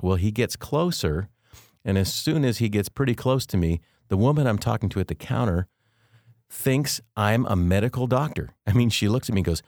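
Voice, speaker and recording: Deep-voiced earnest man telling faith stories. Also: lively intonation, dry recording, studio quality. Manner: earnest, warm-humored storytelling with slow emphatic phrasing. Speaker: devotional podcast host. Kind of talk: faith-based storytelling podcast.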